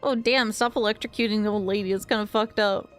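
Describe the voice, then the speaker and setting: A woman's voice: medium pitch, steady tone, fast talker, faint music behind. A woman streamer giving casual let's-play commentary, joking and swearing freely.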